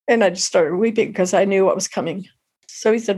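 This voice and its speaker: A middle-aged woman tells an emotional personal story as an interview guest, halting and heartfelt, often restarting her sentences. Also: mid-range voice, a little mellow, husky.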